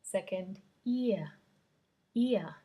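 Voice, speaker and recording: A woman's voice: mid-range voice, drawn-out words, dark tone, breathy edge. A young adult Australian woman, an English teacher, carefully demonstrating vowel and diphthong sounds in a pronunciation lesson.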